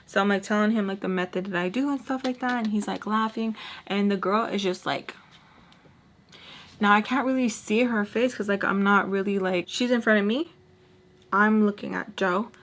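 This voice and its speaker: Chatty young woman, gravelly voice. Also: medium pitch, normal speed, a bit bright. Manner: chatty, full of "like" and acted-out quotes. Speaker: storyteller vlogger. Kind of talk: casual storytime with quoted dialogue.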